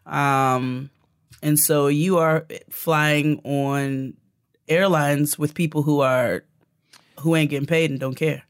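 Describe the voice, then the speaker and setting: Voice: mid-range voice, fairly even intonation, takes it slowly, clean tone. A host in a casual chat, talking bluntly and emphatically.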